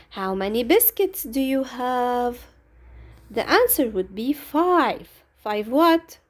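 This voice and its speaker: A woman's voice: high-pitched, darkish tone. A woman teaching an English grammar lesson, walking through exercises step by step with patient questions.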